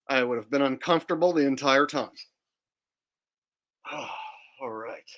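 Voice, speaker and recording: A man's voice: medium pitch, expressive, unhurried, long pauses, fairly bright tone. Man, live stream host, joking, chatty, talks to viewers.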